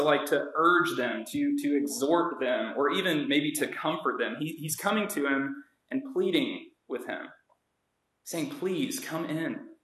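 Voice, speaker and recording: A man preaching in an earnest, conversational manner, slipping into the voices of characters as he retells a story. His voice sits a little high, and the room around him rings with echo. It sounds like a live sermon. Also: a bit bright. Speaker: pastor.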